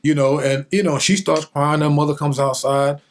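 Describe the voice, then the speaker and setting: With a slightly high, steady voice at a moderate pace, a man who used to play football tells a childhood story as a show guest. His storytelling is animated, energetic and dramatic.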